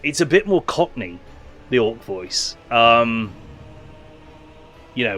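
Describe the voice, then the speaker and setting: A man hosting a video game session, reading the game's text aloud and chatting in a relaxed, rambling way. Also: mid-range voice, takes it slowly, pauses often, soft background music. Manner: relaxed, rambling, full of fillers. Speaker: host.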